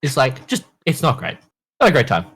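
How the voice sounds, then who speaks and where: A young Australian man in his twenties, a podcast guest, tells stories in casual chat with a medium-pitched, brisk, slightly rough voice. He's animated, swears a lot and acts out the people involved.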